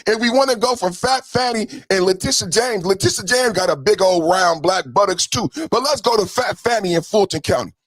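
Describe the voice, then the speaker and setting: A man hosting a podcast, giving a fiery, profane political commentary rant with mocking jabs and bursts of shouting. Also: high-pitched, animated, brisk, few pauses, dry recording, soft background music, poor audio. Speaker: podcast host.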